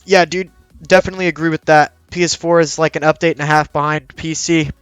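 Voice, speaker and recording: Young guy streamer, crude sarcastic banter, smooth dry close mic, soft music behind. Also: on the high side, steady tone, quick pace, dry recording. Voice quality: slight lisp from dry mouth. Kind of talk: casual chat while streaming.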